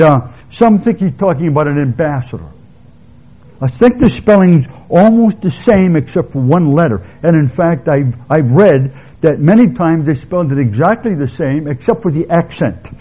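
A male preacher with a husky, mellow voice that sits a little high. He teaches in a conversational sermon style and often pauses to restate his points. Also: rough recording. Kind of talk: expository sermon.

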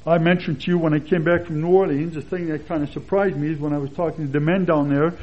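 A man with a slightly raised, husky voice teaches a sermon in an easy, chatty way, moving through verses and personal stories. The recording is dull and lo-fi, as on an old sermon tape. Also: a little high, fast. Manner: relaxed, chatty, with anecdotes and chuckles. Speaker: Bible teacher. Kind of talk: conversational expository sermon.

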